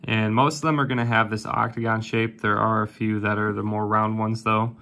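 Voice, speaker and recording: A man's voice: flat delivery, normal speed, gravelly, sharp tone. A man hosting a coin hunting video, casually calling out dates as he sorts coins. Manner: calls out coin dates one after another in a low-key way. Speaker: coin roll hunting channel host. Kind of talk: casual narration while sorting coins.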